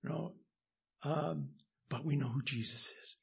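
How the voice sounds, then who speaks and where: A man preaching a sermon as pastor, pausing often with fillers and restarts, then building to emphatic peaks. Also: fairly high pitch, vocal fry, slightly rough, dull audio.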